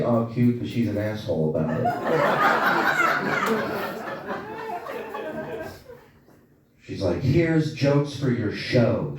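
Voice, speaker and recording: A man doing a stand-up comedy set on a club stage, telling profane, animated stories with asides to the crowd. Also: low voice, background noise. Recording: echoey club audio from far off. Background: small audience laughing.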